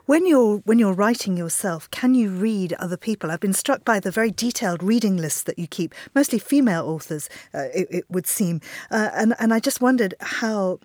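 A woman's voice: mid-range voice, lively intonation, darkish tone, dry recording. Curious woman interviewer, dry sound. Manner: curious, measured questioning. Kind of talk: interview questions.

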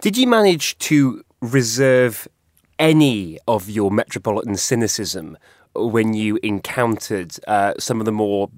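A male radio interviewer asking measured, wry questions of his guest. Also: lowish voice, lively intonation, no echo, clean studio sound.

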